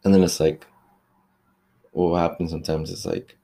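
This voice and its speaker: A young man who works at a fast-food shop, talking in a loose, chatty rant about rude customers. He swears freely and fills his talk with "like" and "you know". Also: low voice, little pitch movement, gravelly, mellow. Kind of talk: casual ranting monologue.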